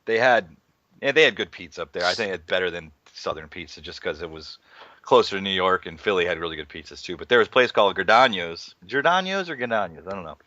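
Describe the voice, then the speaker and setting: A man's voice: sits low, quick pace, sharp tone, no echo. A man co-hosting a gaming podcast, rambling loosely and swearing freely in casual chat. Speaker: podcast co-host. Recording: slightly dull, dry lo-fi sound.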